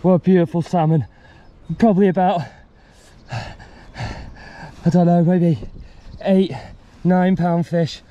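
A man, out of breath and excitable, giving vlog commentary while fishing outdoors by a river. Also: sits high, takes it slowly, pauses often, lo-fi sound. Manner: excitable, breathless, swearing mildly. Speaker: fishing vlogger. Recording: outdoor vlog with loud water noise.

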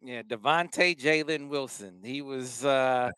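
A man co-hosting a sports podcast, chatting casually and telling stories with animated emphasis. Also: medium pitch, measured pace, clean tone, no echo, studio quality. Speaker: podcast co-host.

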